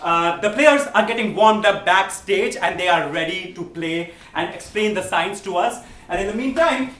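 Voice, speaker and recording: A man's voice: high-pitched, normal speed, fairly bright tone. A man hosting a live comedy game show on stage, with playful, teasing crowd work. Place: stage in front of a live audience. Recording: roomy echo, far from the mic, audience noise.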